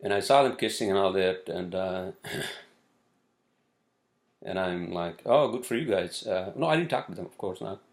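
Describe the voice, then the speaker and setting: A man with a low, gravelly voice vents to the camera in a loose, rambling monologue. He swears freely, trails off into fillers and repeats himself as his exasperation spills out. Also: lively intonation, moderate pace, pauses often. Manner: exasperated, swears often, many fillers and restarts. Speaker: vlogger. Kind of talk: casual ranting monologue. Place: city where he lives.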